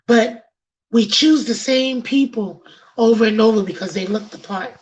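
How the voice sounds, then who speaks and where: Bronx-accented woman host, higher voice, unhurried, preachy and slangy. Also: rough recording. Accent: New York (Bronx). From the Bronx, New York. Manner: emphatic, sermon-like, slangy and direct with the listener. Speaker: talk show host. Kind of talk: preachy talk-show monologue.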